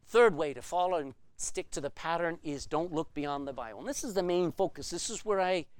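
A man's voice: fairly high pitch, fairly quick, clean tone, no room sound. A man preaching a sermon as pastor, emphatic and full of rhetorical questions.

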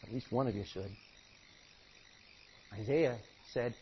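A man preaching a sermon, acting out Bible characters and swinging between hushed and loud delivery. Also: medium pitch, slow, lo-fi sound, a little hiss or hum. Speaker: pastor.

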